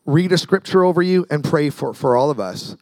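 A man's voice: on the high side, lively intonation, brisk, dry recording. A man preaching a sermon as pastor, talking conversationally, repeating words and acting out the people in his story.

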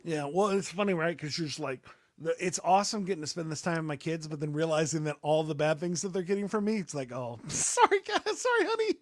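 Young man, slightly high voice, rambling chat, dry close mic. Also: fast, dry recording. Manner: rambling, with many fillers and restarts. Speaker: podcast host. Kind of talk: casual chat.

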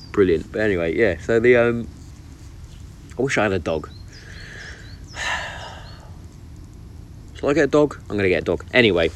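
A fairly low-pitched man talks in a loose, sweary, opinionated way about football. He's recording outdoors in the countryside, with birdsong and open-air ambience behind him. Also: lively intonation, takes it slowly, pauses often, slight background noise. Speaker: vlogger. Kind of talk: casual chat.

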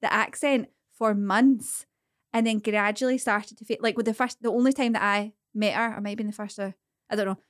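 Woman podcast co-host, animated gossipy storyteller, dry close mic. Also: medium pitch, fairly quick, no echo. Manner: animated storyteller, chatty, laughing often. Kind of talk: casual chat.

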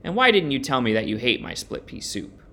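A man's voice: mid-range voice, big pitch swings, fairly quick, sharp tone, heavily acted. A man doing a prim storybook lady friend. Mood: scolding. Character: fussy, frank female storybook friend. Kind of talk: storybook reading.

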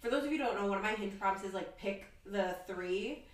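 A woman's voice: medium pitch, a little fast, roomy sound, far from the mic, low-quality recording. A young woman co-hosting a podcast, telling a date story in casual chat and acting out both sides of the conversation. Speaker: podcast co-host.

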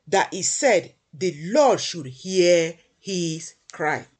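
A woman preaching a devotional sermon, emphatic and repeating phrases for weight, with a husky voice. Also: lowish voice.

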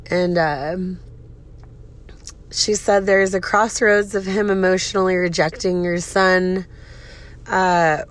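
A woman in her thirties with an emotional, profane, venting manner, hosting a casual personal podcast. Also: on the low side. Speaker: podcast host.

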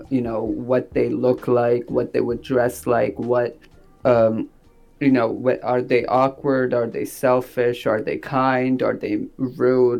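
A man who is an actor and director, talking in a rambling, animated way with many fillers. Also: medium pitch, gravelly. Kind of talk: casual interview talk.

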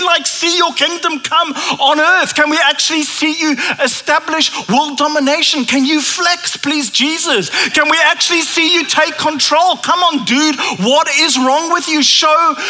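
A preacher putting on a frantic, high-voiced disciple. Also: male voice, steady tone, a little slow, sharp tone, full character voice. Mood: exasperated. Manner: pleading, casual slangy talk. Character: exasperated young male disciple, pushy and incredulous.

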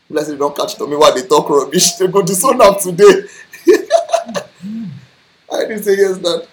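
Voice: mid-range voice, moderate pace, long pauses. Emphatic Nigerian preacher. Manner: emphatic, mixes in Nigerian pidgin. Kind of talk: sermon.

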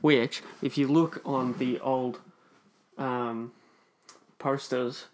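A man chatting casually on a podcast, his voice sitting at an ordinary middle pitch. He rambles and stalls, filling gaps with "um" and "like" as he works through a thought. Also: steady tone. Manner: rambling, halting with many fillers. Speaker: podcast co-host. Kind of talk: casual chat.

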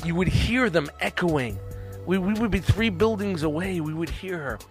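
A man's voice: high voice, expressive, moderate pace, soft background music. A middle-aged man, telling long, profane, rambling stories on a casual podcast, full of restarts. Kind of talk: casual storytelling chat.

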